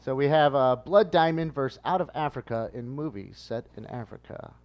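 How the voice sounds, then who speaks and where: A man hosting a relaxed podcast movie game in a mid-pitched everyday voice. He reads out the scores, calls on each player by name, and keeps the banter moving. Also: moderate pace.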